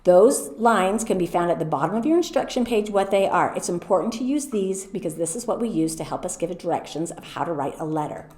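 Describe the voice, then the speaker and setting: A middle-aged American woman explaining classroom routines to teachers in a clear, patient way, sounding out words slowly. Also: fairly low pitch, lively intonation, darkish tone. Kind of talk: teacher training presentation. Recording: echoey room.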